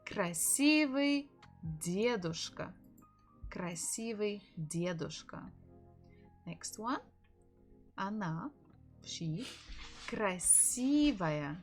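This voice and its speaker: A woman with a Russian accent teaching a live-streamed language lesson, repeating each word slowly so learners can follow. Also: mid-range voice. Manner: slow, drilling words by repetition.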